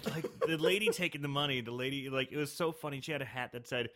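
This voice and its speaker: A man's voice: medium pitch, fast, a bit bright. A man in a casual podcast chat about a movie, making sarcastic wisecracks and acting out the characters' dialogue. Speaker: podcast co-host.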